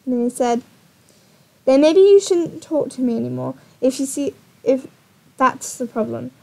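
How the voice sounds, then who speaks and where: A woman's voice: high voice, animated, normal speed, vocal fry, warm tone. A young woman YouTuber telling a dating story in a casual, exasperated vlog style, often laughing.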